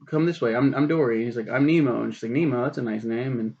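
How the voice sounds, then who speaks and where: A man's voice: mid-range voice, fast, breathy edge, muffled recording. A man in his twenties casually recapping a film, rambling with lots of fillers and swearing. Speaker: film reviewer.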